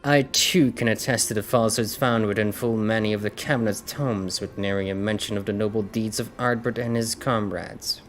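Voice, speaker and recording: A woman voicing a formal, scholarly fantasy game character, reading the dialogue in a measured way. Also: very deep voice, steady tone. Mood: earnest. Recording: music behind.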